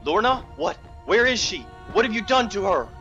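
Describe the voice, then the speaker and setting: An actor playing a proud, defiant noble war leader in a video game, speaking sternly. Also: male voice, sits high, sing-song, normal speed, bright, forceful tone, lo-fi sound, soft background music, full character voice. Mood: alarmed.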